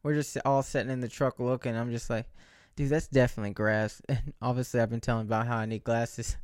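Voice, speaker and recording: A man's voice: mid-range voice, level tone, fast talker, darkish tone, clear, resonant tone, no room sound. Late 20s guy rambling at the camera, jokey and self-mocking, dead dry sound. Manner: joking, self-mocking, rambling with frequent restarts. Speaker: vlogger. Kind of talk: casual rambling monologue. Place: indoors under bright lights.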